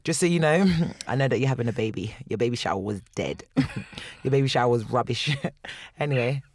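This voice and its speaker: A man chatting loudly on a podcast, laughing often and mimicking others in high voices. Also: lively intonation, a little fast, slight background noise. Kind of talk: casual chat.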